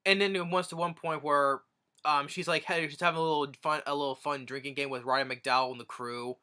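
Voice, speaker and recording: A man's voice: on the high side, steady tone, brisk, bright, forceful tone, clear, resonant tone. A man casually retelling a movie's plot as a reviewer, rambling with many restarts. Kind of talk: casual film review recap.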